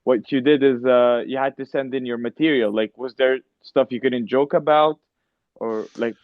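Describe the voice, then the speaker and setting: A man's voice: medium pitch, fairly even intonation, moderate pace, dry recording. A man with a middle-range voice co-hosts a casual podcast, hedging his opinions and putting questions to the guest. The recording is dry and close, with a dull, lo-fi sound. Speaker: podcast co-host, comedian. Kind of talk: casual chat.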